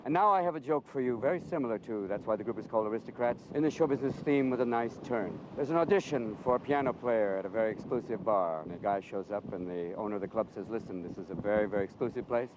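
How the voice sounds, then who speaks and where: A man comedian telling a long joke in a rapid, animated way, voicing the characters. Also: fairly low pitch, background noise.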